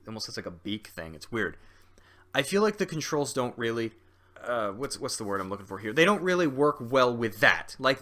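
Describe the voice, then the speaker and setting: A man's voice: medium pitch, bright, forceful tone. A young man talking through a video game in a casual review, rambling with lots of ums and restarts and a jokey streak. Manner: chatty and jokey.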